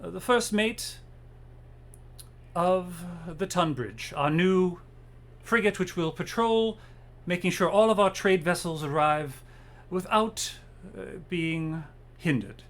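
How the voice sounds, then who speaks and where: A man's voice: high-pitched, a bit bright, voice pushed up, heavily acted. Man doing a commanding old matriarch. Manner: commanding, measured, formal. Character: imperious old human matriarch, about eighty-five.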